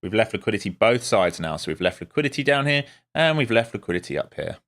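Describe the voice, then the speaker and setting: A man's voice: on the low side, very animated, quick pace, a bit bright. A man streaming live as a day trader, giving casual, wry commentary with muttered asides to his viewers.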